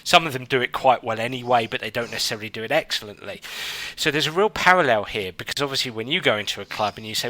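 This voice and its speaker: A male podcast host talking in an animated, casual way, often restarting his sentences and filling gaps with short fillers. His voice is bright and forward, recorded close with a dry, roomless sound. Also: medium pitch, quick pace, no room sound. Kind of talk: casual interview chat.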